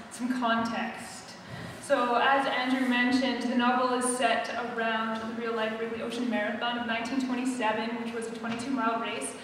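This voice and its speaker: During a live event at an opera centre hall, a woman author talks informally about her novel and then performs a first-person scene from it. She speaks on the high side with a fairly bright tone. The hall is echoey and recorded from far away, with slight background noise.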